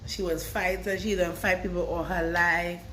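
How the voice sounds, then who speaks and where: Rambling woman vlogger, emotional and loud. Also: fairly low pitch, flat delivery, normal speed, slight background noise. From Brooklyn. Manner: rambling, repeats words, swings between soft and loud. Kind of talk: casual emotional vlog talk.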